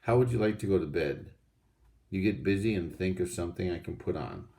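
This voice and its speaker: A man doing a calm, take-charge boy. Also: sits low, fairly quick. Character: steady, responsible oldest boy.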